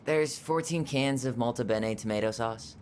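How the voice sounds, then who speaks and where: A man's voice: medium pitch, moderate pace, a little hiss or hum, close to an everyday voice. Tyler, a man voicing a wry young guy. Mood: dry. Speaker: game character. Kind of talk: video game voice acting. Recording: game audio with clear music behind.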